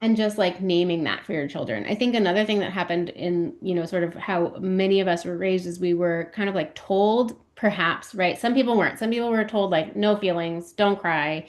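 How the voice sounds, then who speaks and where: Thoughtful, low-voiced woman guest. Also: fairly quick, few pauses. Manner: thoughtful, explains at length with frequent fillers. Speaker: perinatal mental health specialist, podcast guest. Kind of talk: explanatory interview talk.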